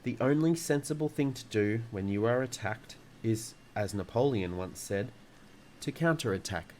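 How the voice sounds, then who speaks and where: A man with a fairly low voice reads a children's book aloud, calm and unhurried. A faint hiss sits under his steady narration. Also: low-quality recording. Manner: calm, relaxing delivery. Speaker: storyteller.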